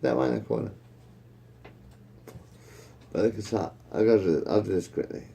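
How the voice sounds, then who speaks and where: A man rambles through a joke among friends, restarting and swearing as he goes. His voice is gravelly and mellow, with a lively, swooping pitch. A faint hum of noise sits behind him. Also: normal speed. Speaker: joke teller.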